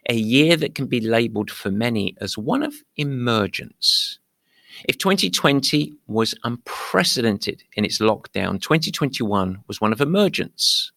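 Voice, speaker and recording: A man's voice: mid-range voice, big pitch swings, unhurried, creaky, a bit bright, dry recording, clean studio sound. A British man hosting a podcast, talking playfully with theatrical mock indignation. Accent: British English. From England. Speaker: podcast host. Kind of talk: upbeat podcast monologue.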